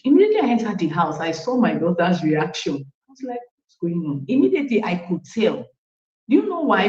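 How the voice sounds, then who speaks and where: A woman in her thirties from Nigeria, with a Nigerian English accent, giving a casual personal testimony with animated acted-out quotes and asides to her coach. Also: on the low side, echoey room, dull audio. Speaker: parent sharing a testimony.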